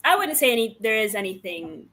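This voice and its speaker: A woman's voice: on the high side, very animated, brisk, crowd noise. A woman from New York, a filmmaker answering interview questions casually, thinking aloud with fillers. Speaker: filmmaker guest.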